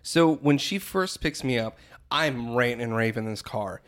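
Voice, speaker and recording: A man telling a story in casual chat, animated and self-mocking, acting out what he said. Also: medium pitch, moderate pace. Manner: animated, self-mocking, acts out his own quotes.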